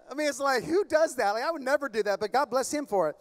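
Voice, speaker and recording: A man's voice: extremely high pitch, fast. A man preaching a sermon as a pastor, moving between fervent, emphatic exhortation and rambling, casual storytelling. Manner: impassioned, emphatic preaching with loud bursts; relaxed rambling storytelling with fillers. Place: large church.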